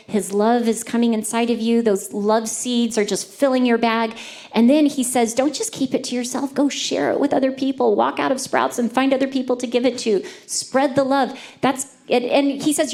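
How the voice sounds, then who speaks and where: A woman preaching at a church service, telling personal stories in a lively, conversational way. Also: fairly high pitch. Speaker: church speaker. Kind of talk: sermon with personal storytelling.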